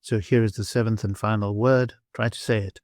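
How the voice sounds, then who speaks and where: A language teacher with a Greek accent and a lowish, steady, slightly mellow voice works slowly through beginner vocabulary. He sounds out each word syllable by syllable in patient pronunciation drills, recorded dry with clean studio sound.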